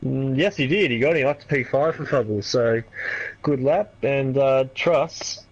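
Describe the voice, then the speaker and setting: A man giving relaxed, analytical color commentary on a sim race, with some teasing asides. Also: medium pitch, a little slow, highs cut off.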